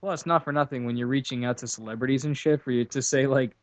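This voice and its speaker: A man's voice: medium pitch, steady tone, fast, dry recording. A man co-hosting a casual podcast, throwing in wisecracks and crude jokes. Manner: wisecracking, profane interjections. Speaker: podcast co-host. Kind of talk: casual chat. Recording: dull lo-fi podcast audio.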